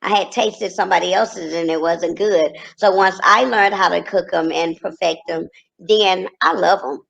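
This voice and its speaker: Texas woman guest, gravelly fry in her voice, laid-back and chatty. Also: on the low side, normal speed, fairly bright tone, highs cut off. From Corsicana, Texas. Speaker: guest, reality TV personality. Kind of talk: casual interview chat.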